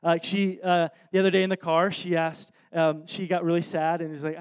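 A man in his thirties preaching through an anecdote, animated and self-deprecating, with lots of restarts. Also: fairly high pitch, brisk, few pauses, clear, resonant tone. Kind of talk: anecdotal sermon storytelling.

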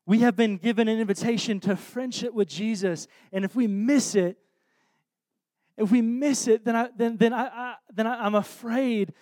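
A man preaching in a casual, earnest way, often trailing off into soft, quiet phrases. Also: very high-pitched, steady tone, moderate pace, no room sound. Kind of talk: conversational sermon.

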